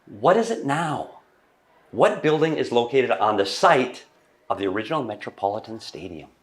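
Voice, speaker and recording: A man's voice: medium pitch, moderate pace. A middle-aged man hosting a playful trivia quiz, chatty and joking. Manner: playful, lively quizmaster. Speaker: host. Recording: roomy echo.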